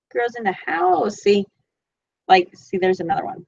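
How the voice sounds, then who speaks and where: A woman's voice: medium pitch, very animated, moderate pace, vocal fry, lo-fi sound. A woman with a Southern Florida accent, teaching a live-streamed sewing tutorial from home in a chatty, rambling, self-deprecating way. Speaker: sewing instructor. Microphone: computer mic.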